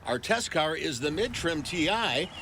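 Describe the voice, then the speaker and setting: A man's voice: fairly high pitch, sing-song, measured pace, sharp tone, a little hiss or hum. A man narrating a TV news car feature in an upbeat, playful way. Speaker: TV news auto reporter.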